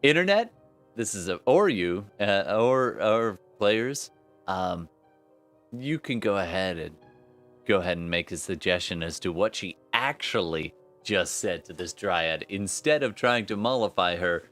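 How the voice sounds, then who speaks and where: A man narrates a tabletop game as its game master. His voice sits on the low side and he takes his time, stopping for fillers and restarts. Faint music plays behind him. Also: expressive, fairly bright tone. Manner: halting, with fillers and laughter.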